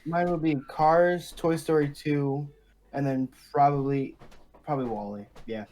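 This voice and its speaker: A young man co-hosting a casual podcast, relaxed and steering the talk with questions. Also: a little high, measured pace, poor audio. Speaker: podcast co-host. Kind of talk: casual chat.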